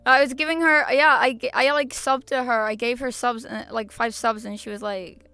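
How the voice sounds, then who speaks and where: A woman's voice: a little high, fairly even intonation, moderate pace, pushed and bright, smooth. A young woman streamer chatting casually to her viewers, rambling with restarts, slang and laughter. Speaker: VTuber streamer.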